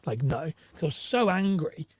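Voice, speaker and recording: Higher-voiced British man telling candid stories. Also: very animated, normal speed, husky. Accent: British English. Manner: rambling, candid storytelling with frequent restarts and swearing. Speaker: mortgage broker. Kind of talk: casual podcast chat.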